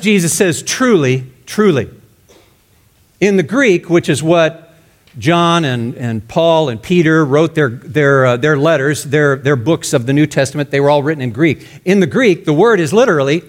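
A male pastor preaching a sermon emphatically, his voice rising loud and dropping to a hush. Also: fairly high pitch. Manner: emphatic, swinging between loud and hushed.

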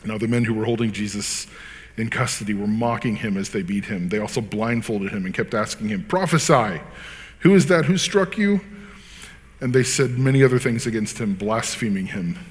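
Low-voiced man preaching in a reverberant hall. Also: fairly even intonation, a little fast. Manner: conversational, earnest, with casual fillers. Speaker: pastor. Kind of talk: scripture reading and sermon.

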